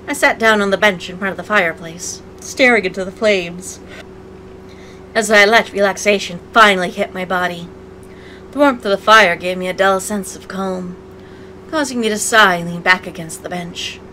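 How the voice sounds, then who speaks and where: A woman's voice: mid-range voice, normal speed, bright, forceful tone, a little hiss or hum, rough recording. A woman narrating a visual novel aloud as a let's play, breaking in with sarcastic, playful asides. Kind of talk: reading game text aloud with commentary.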